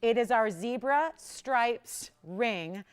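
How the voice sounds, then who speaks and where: A woman hosts a live jewelry shopping show in a smooth, clear voice pitched a little high. She pitches her deals with chatty enthusiasm and greets callers by name. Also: animated, slow pace. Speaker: shopping channel host.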